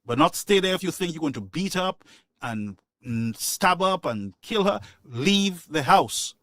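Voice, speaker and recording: A man's voice: a little high, animated, measured pace, fairly bright tone, no room sound, studio quality. A man hosting a call-in show, talking in an impassioned, preachy way and repeating his points for emphasis. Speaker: radio call-in show host. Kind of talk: opinionated call-in talk.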